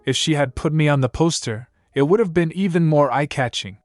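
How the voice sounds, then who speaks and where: A man voicing a loud, boastful male companion who calls out and brags. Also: on the high side, fairly quick, no echo, clean studio sound, soft background music, pitched above the performer's own voice, close to an everyday voice. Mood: boisterous.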